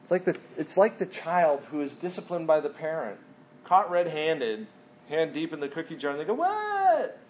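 A man's voice: fairly high pitch, normal speed, slight background noise. A man preaching a sermon in an earnest way, sometimes mimicking whiny voices of the people he quotes. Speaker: pastor.

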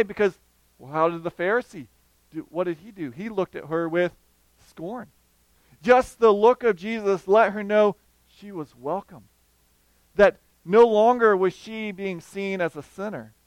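A man with a high, smooth voice preaches a sermon, bringing the story to life and briefly voicing the people in it. The sound is dry and close, with no room echo. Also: moderate pace. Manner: animated storytelling, acting out quoted voices.

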